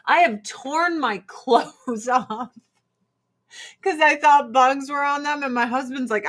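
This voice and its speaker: Profane, animated woman host. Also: high-pitched, takes it slowly. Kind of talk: casual chat.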